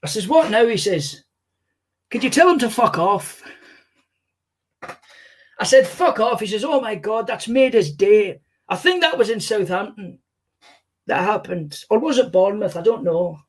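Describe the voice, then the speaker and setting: Imitating a famous older Scottish comedian, a man pitches his voice above his own, high and expressive. He's unhurried, with long pauses, as he tells rambling, sweary anecdotes in a Scottish accent, a stand-up storytelling impression.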